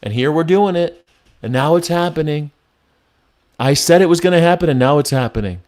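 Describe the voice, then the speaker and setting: A man's voice: a little high, animated, brisk, long pauses, a little mellow. Angry sarcastic man ranting. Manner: angry, sarcastic, heckling, swears. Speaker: host reacting to news clips. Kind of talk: live-stream political rant.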